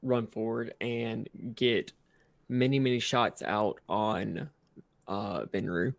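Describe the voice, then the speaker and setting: A man's voice: lowish voice, steady tone, slow, vocal fry. A man playing in a tabletop game, talking in a hesitant way full of fillers. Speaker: player.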